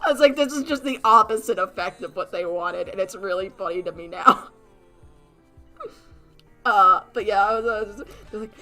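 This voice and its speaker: A woman's voice: medium pitch, moderate pace, soft background music, rough recording. A young woman streaming while she draws, chatting casually and telling stories with lots of laughter and mock voices. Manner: giggly, animated storytelling with frequent laughter and mock voices. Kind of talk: casual livestream chat while drawing.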